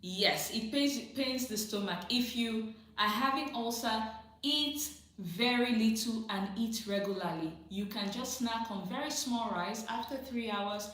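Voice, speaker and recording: A woman speaks a little slowly in a bit bright, higher voice while hosting a casual livestream of viewer questions, which she reads aloud and answers directly. Laughter comes often, she repeats advice to stress it, and her phone or computer mic picks up a very echoey room.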